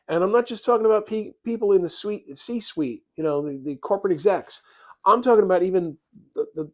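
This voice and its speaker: Emphatic plain-spoken man, fairly high voice. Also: darkish tone. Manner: emphatic, plain-spoken, acts out quoted dialogue. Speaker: leadership educator. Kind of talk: motivational talk to camera.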